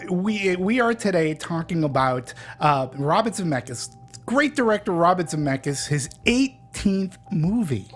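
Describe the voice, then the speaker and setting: A man hosting a casual movie review podcast, chatty and halting, with frequent restarts. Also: sits high, sing-song, soft background music. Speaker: podcast host.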